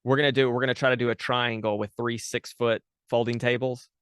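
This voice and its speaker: A man's voice: medium pitch, level tone, fairly quick, a bit bright, clear, resonant tone, no room sound. A man chatting casually as a guest, talking about running his tabletop game podcast, with many fillers and restarts. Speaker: podcast dungeon master, guest. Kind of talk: casual interview chat.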